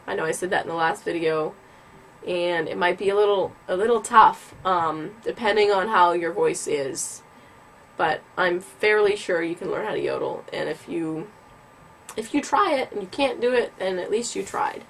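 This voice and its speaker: A woman with the tail end of a cold giving a casual yodeling lesson, explaining slowly and patiently with many ums. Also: lowish voice, vocal fry, fairly bright tone, slight background noise. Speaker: yodeling teacher.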